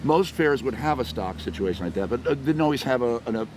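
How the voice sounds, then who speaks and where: A man's voice: mid-range voice, lively intonation, fast, crowd noise. A man in his forties, wearing a mask while getting over an illness, interviewing a guest in a chatty, teasing way. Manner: chatty, teasing, restarts often. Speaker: interviewer, performer. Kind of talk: casual interview chat.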